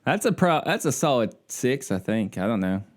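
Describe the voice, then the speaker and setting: A man's voice: medium pitch, sing-song, moderate pace. A laid-back man from the United States co-hosting a casual podcast chat, joking and often trailing off with "I don't know.". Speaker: podcast co-host. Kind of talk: casual chat over drinks. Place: home in Alaska on a video call.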